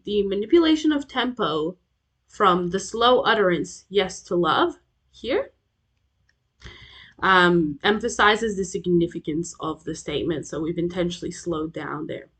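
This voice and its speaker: A woman's voice: fairly low pitch, fairly bright tone. A young adult woman with an Australian accent, a tutor explaining a lesson over slides, with fillers and frequent checks like "okay?". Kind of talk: recorded lecture over slides.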